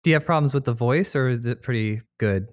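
A man hosting a casual podcast interview, chatty and quick to laugh. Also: mid-range voice. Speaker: podcast host.

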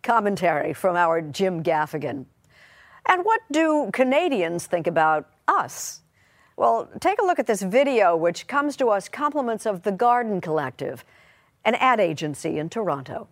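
A woman news anchor introducing segments with a crisp, polished delivery. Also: mid-range voice, big pitch swings, moderate pace, no room sound. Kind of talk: broadcast news links.

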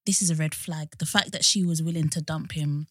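A woman's voice: deep voice, steady tone, brisk, fairly bright tone, no room sound, clean studio sound. A young woman, a podcast co-host in casual chat, retelling reality-show scenes in quoted voices.

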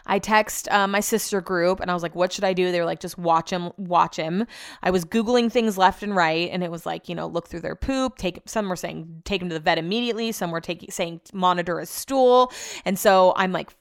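A woman's voice: on the low side, a little fast, smooth, no echo, studio quality. A woman hosting a podcast, chatting casually and telling stories with lots of "like.". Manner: chatty storytelling with frequent "like". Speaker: podcast host. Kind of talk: casual chat.

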